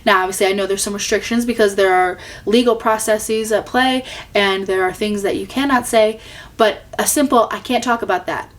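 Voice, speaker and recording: A woman's voice: mid-range voice, fairly even intonation, moderate pace. A woman hosting a reaction commentary video, exasperated, sarcastic and full of profanity.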